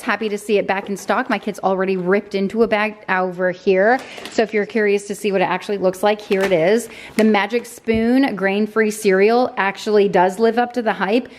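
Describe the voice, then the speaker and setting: A woman's voice: medium pitch, a little hiss or hum. A woman in her thirties, a mom chatting casually through a grocery haul, rambling with self-deprecating asides.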